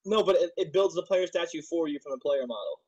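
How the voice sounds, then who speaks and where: Hiccuping man, husky voice. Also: on the high side, expressive, fast talker, darkish tone, lo-fi sound. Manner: rambling, swears often, browses aloud. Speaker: server admin streaming gameplay. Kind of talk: casual gaming chat.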